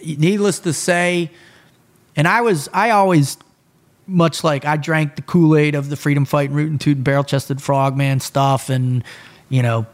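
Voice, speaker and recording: A middle-aged man recounts his past in a relaxed, conversational podcast chat. He swears casually and slips in and out of quoted dialogue, keeping the story animated. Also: a little high, unhurried. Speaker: podcast guest.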